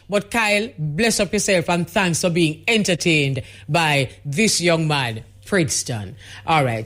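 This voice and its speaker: Jamaican woman hosting a chatty radio show. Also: on the low side. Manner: chatty, easygoing, with patois greetings. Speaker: radio host. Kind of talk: radio call-in show reading listener messages. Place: radio studio.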